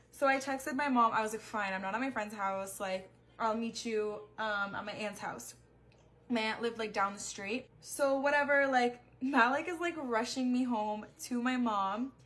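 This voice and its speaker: A woman's voice: a little high, fairly bright tone. A young adult woman telling a story in a chatty, casual way, with plenty of "like" fillers. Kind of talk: casual storytime while getting ready.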